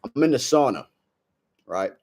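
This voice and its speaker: A young self-improvement vlogger delivers a brash, slangy monologue to camera, telling a story and handing out blunt advice. His mid-range voice is sing-song and darkish, at a measured pace, and he says "bro" a lot.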